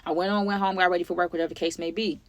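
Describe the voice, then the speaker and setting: A woman in her twenties telling a personal story to her viewers in a sassy, chatty, animated way. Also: lowish voice, very fast, no echo. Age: 20s. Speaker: storytime vlogger.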